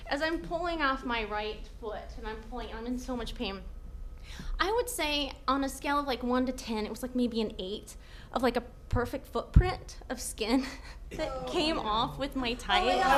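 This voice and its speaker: Give me a high-pitched young woman telling an animated comic story live. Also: a little hiss or hum. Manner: animated, acts out quotes loudly.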